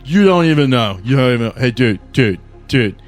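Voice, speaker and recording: A man voicing an excitable young vape-cloud bro who gushes and says "bro" constantly, in a tabletop role-play podcast. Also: mid-range voice, a little fast, soft background music, natural voice. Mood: gushing. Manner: gushing, repeats "bro" and "like".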